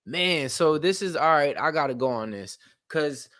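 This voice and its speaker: A man's voice: on the high side, lively intonation, normal speed, a bit bright, dry recording. Man hosting a loose live fight stream. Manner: loose, rambling, with slang and fillers. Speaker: stream host. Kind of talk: casual live watch-along chat.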